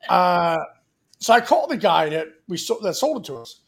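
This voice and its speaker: A man with a high voice hosts a radio talk show and spins a long, swear-filled story. He acts out each person's lines as he tells it. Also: normal speed, creaky. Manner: animated, acts out other people's lines. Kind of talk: profane storytelling chat.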